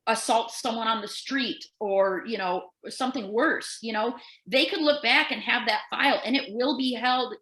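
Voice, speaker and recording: Bright, animated woman telling a story. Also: a little high, moderate pace, few pauses, reverberant, poor audio. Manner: animated storyteller who acts out quoted voices. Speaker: nurse and podcast co-host. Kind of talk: casual storytelling.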